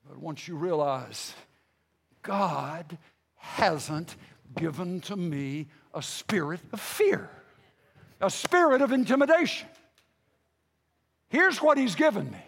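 A male pastor preaching a sermon with passion, repeating phrases and restarting himself, swinging between loud outbursts and hushed lines. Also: on the high side, animated, a little slow, vocal fry, long pauses, long reverb tail.

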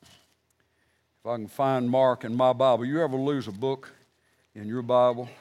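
A middle-aged man preaching a sermon, emphatic, rising to loud bursts and then dropping low and quiet when he reads scripture. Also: steady tone, a little slow, muffled recording.

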